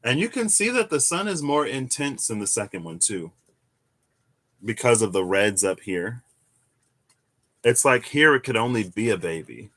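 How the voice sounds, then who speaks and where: A young man giving a casual, musing tarot reading, animated at times with sudden high exclamations. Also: moderate pace, long pauses. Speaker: tarot reader. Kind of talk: casual reflective monologue.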